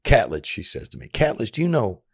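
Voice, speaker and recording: A gravelly, husky middle-aged man tells a story. His pitch swings widely as he acts out each person, stumbling and repeating words. The sound is dry and close. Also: a little fast, no room sound. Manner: animated, acts out quoted voices, repeats and restarts often. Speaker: podcast guest telling his prison story. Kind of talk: casual storytelling.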